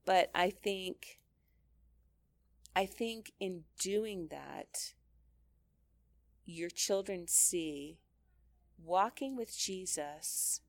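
A woman's voice: on the low side, very slow, vocal fry, pauses often, no echo. A middle-aged woman giving an earnest, conversational Christian teaching talk, laughing lightly and often restarting her sentences. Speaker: speaker teaching mothers.

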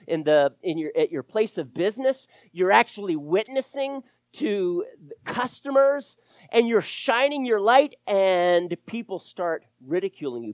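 A man preaching a sermon to his church, animated, with sharp rises and drops in loudness. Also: high voice, dry recording. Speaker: pastor.

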